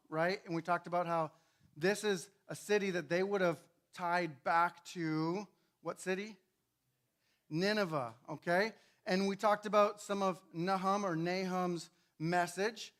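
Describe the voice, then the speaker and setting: A male pastor with a high, bright voice preaches in a church. He teaches conversationally and keeps checking that his listeners follow him. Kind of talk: sermon.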